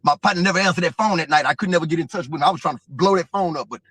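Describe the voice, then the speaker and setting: Fast-talking husky-voiced man. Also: fairly high pitch, fairly bright tone, dry recording. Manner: streetwise, profane, vivid storyteller. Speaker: interview guest. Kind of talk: casual storytelling.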